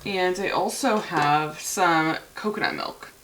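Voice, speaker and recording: Young woman vlogger, lowish voice, chatty and rambling, kitchen at home with faint dish clatter. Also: takes it slowly, a little hiss or hum. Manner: chatty and excitable, rambling asides. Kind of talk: casual chat to camera. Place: cold home apartment kitchen.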